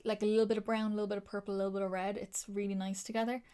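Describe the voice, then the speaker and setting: A woman's voice: medium pitch, little pitch movement, rapid-fire, dark tone, clear, resonant tone. Gushing Irish woman reviewing makeup. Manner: gushing, chatty, many fillers. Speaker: beauty vlogger.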